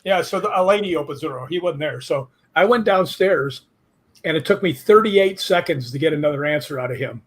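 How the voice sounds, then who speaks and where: An older man with a husky voice, a guest telling rambling ghost-hunting stories in a casual interview. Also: a little high, lively intonation, fairly quick. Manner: rambling anecdotes with asides, quotes his own questions.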